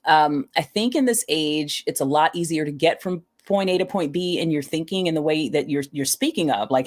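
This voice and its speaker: A woman's voice: low voice, normal speed, few pauses. A woman guesting on a podcast as an online creator, speaking thoughtfully and often restarting her phrases. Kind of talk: casual conversation.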